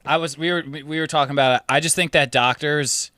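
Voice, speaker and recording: A man co-hosting a podcast who talks fast, firing off teasing questions and wry comments. His voice is bright and forward. The recording is close and dry. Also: a little high, fairly even intonation, no echo. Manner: quick, teasing follow-up questions. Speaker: podcast co-host. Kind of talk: casual chat.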